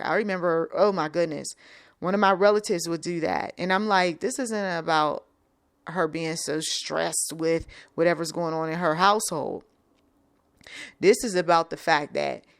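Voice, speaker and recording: A middle-aged woman talks straight to parents in a plainspoken, blunt way and keeps checking in with quick questions. Her voice sits a little low for a woman. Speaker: channel host giving advice. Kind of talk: unscripted faith-based advice talk.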